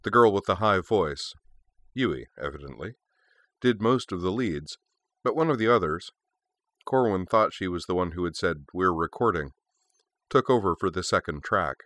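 A man narrating a story in a steady, measured way. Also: low-pitched, no echo. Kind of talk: story reading.

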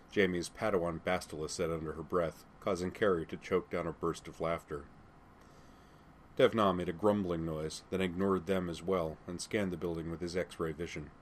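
A man narrating a fan fiction story in a steady, measured reading. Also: deep voice, a little hiss or hum. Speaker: audiobook narrator.

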